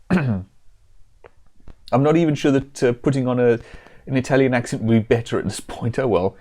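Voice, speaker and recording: A man's voice: medium pitch, dark tone. Chatty man streaming a game. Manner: chatty, self-deprecating, halting with fillers and throat clearing. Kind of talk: casual game commentary and reading.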